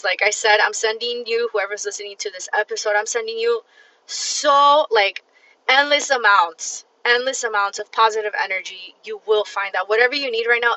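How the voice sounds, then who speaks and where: A woman's voice: medium pitch, sharp tone, lo-fi sound. A woman hosting her own podcast, talking in a blunt, profane, emphatic way straight to her listeners, tired and worn down. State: tired and fatigued. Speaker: podcast host. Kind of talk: casual solo podcast rant.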